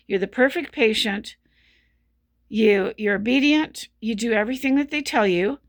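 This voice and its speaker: A woman telling her own story as a patient, in an earnest, frustrated way and with lots of repetition. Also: a little high. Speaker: patient sharing her experience. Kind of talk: casual spoken commentary.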